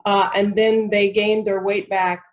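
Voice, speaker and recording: A woman's voice: medium pitch, little pitch movement, a little slow, low-quality recording. A woman sharing her recipes in a casual cooking chat, speaking plainly with some hesitation.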